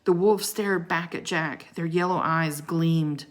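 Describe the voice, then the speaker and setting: A woman reading a children's storybook aloud to a child, expressive with small stumbles. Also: on the low side, slow pace. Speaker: reader of a children's book.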